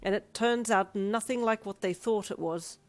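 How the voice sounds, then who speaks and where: A woman's voice: medium pitch, moderate pace, faint music behind, pitched above the performer's own voice, close to an everyday voice. A woman voicing a friendly, chatty male tattoo piercer with an Irish accent, in a fan fiction audiobook. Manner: loud, jovial, folksy.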